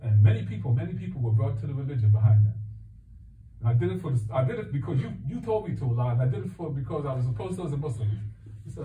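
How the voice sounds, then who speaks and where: A man's voice: mid-range voice, lively intonation, racing, a little hiss or hum. Male counselor, casual religious talk with acted-out anecdotes, distant reverberant hall recording. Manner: storytelling, acts out dialogue in quotes. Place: mosque hall. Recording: echoey hall, far from mic, tinny phone-like sound.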